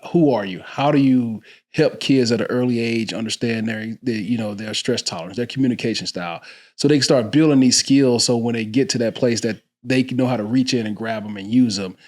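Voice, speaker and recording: A man's voice: mid-range voice, brisk, a little mellow. A man hosting a podcast, asking long, rambling questions full of restarts. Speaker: podcast host. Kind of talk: casual podcast interview.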